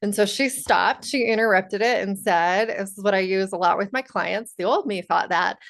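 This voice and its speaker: An earnest woman coach talks directly to her audience in an encouraging, motivational way. Her voice sits at a medium pitch, and she speaks plainly and warmly about changing how you think. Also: normal speed, creaky. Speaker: empowerment coach. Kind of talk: motivational video monologue.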